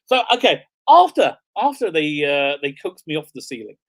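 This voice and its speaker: A man's voice: a little high, very animated, normal speed. A middle-aged man hosts a casual livestream as a rabbi. He tells a story in a loose, rambling way. He laughs often and fills his sentences with fillers and restarts. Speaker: rabbi and show host.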